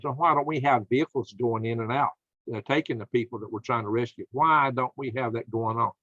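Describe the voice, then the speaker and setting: A man's voice: mid-range voice, no echo, muffled recording. A middle-aged man hosting his own channel, reading news aloud and commenting on it with indignant anger. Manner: angry, indignant, rising to shouts of outrage. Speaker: channel host.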